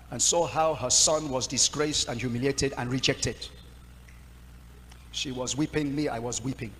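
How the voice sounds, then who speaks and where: Impassioned Nigerian pastor in reverberant hall. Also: male voice, on the high side. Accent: Nigerian English. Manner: emotional storytelling, impassioned. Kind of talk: sermon. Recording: long hall reverb, faint noise.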